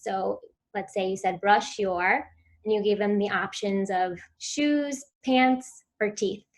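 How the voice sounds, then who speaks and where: A woman giving a virtual conference talk on speech therapy, explaining in a clear, instructive way and sometimes modeling sounds for children. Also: medium pitch.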